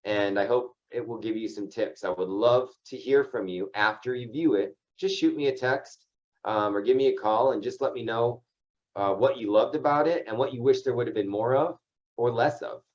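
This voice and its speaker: A man's voice: mid-range voice, moderate pace, a little mellow, lo-fi sound. A man leading an insurance agency's training call, talking loosely and conversationally and often tagging his points with "right?". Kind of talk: casual team training talk.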